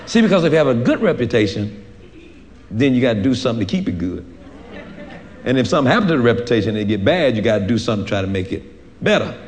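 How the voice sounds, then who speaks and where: A man pastor preaching a sermon, animated, acting out little dialogues and laughing often. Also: medium pitch, fast, long pauses, slight background noise.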